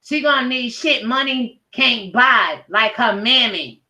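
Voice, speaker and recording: Woman, middle-aged, heated profane rant, vlog commentary, slightly high pitch, roomy echo. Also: animated, a little slow, pushed and bright. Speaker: commentary vlogger. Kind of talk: ranting commentary. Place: at home.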